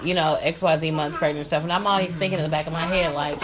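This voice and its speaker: A woman chatting casually as co-host, blunt and joking, with quick reactions and frank swearing. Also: lowish voice, expressive, a loud crowd. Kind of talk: casual chat. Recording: noticeable background hiss.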